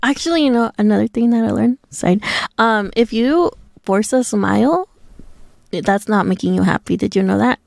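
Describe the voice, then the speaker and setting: A woman's voice: medium pitch, lively intonation, moderate pace, creaky, a little mellow, dry recording. A woman co-hosting a casual podcast, frank and chatty, telling her own anecdotes. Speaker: podcast co-host.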